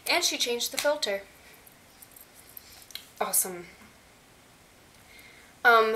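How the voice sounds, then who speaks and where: A woman's voice: medium pitch, fairly even intonation, unhurried, pauses often, fairly bright tone. Young woman gushing away, chatty, fillers everywhere, bit of hiss. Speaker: fan vlogger. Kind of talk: casual chat. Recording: faint hiss.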